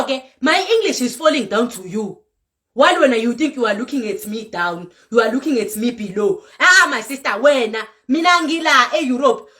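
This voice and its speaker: High-voiced South African woman ranting. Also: a bit bright. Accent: South African, Zulu. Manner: fiery, scolding, repeats herself. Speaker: vlogger. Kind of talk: direct-to-camera rant. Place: Europe.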